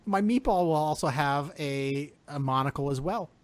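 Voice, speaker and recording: A man co-hosting a casual sports podcast, laid-back and joking, often pausing with fillers. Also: a little high, no room sound. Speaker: podcast co-host. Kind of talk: casual sports talk chat.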